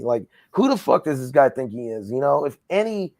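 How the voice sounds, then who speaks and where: A man's voice: medium pitch, sing-song, moderate pace, few pauses, a little mellow, no room sound. Heated, profane man ranting. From Southern California. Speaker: wrestling promoter. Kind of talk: casual interview.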